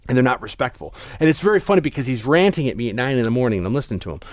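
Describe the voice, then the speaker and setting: In a rapid-fire, expressive medium-pitched voice, a young adult podcast host chats casually, spinning a rambling story and restarting often. There's no room sound.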